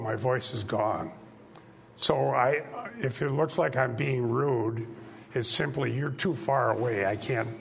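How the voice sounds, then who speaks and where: A man, a pastor, leading an informal church class discussion into a microphone, talking in short, halting, unhurried phrases and never raising his voice. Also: mid-range voice, creaky, slight background noise. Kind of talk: informal church teaching talk.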